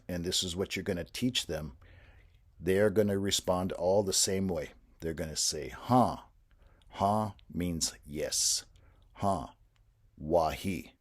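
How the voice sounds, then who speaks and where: A man patiently explaining a language lesson to teachers in a measured, instructional way. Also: low voice, slightly rough.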